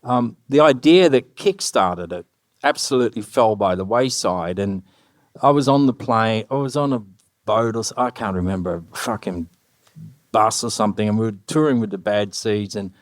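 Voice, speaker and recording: A middle-aged man telling anecdotes on stage, animated, swearing freely and acting out the lines of other people. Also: on the low side, moderate pace, dry recording, clean studio sound. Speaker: guest musician. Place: live stage before an audience.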